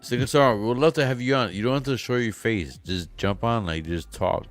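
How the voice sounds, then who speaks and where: A young man co-hosting a casual livestream, talking loudly and joking, peppering his talk with slang like bro and fool. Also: medium pitch, fairly quick, soft background music. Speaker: podcast co-host. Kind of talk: casual banter on a collectors' livestream.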